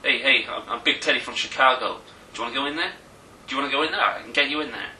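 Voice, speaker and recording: Man mimicking a big brash Chicago hustler, repeats his pitch, bright and forceful, roomy room. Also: very fast, slight background noise. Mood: pushy. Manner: brash, repetitive sales pitch. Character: big pushy Chicago man offering club entry. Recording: roomy echo, mic at a distance.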